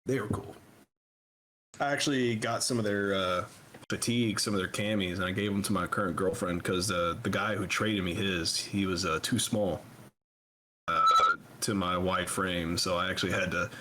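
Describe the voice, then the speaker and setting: A man's voice: low-pitched, moderate pace, noisy background. Profane young man telling war stories. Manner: profane, animated anecdotes, acts out voices. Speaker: podcast co-host. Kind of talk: casual storytelling chat.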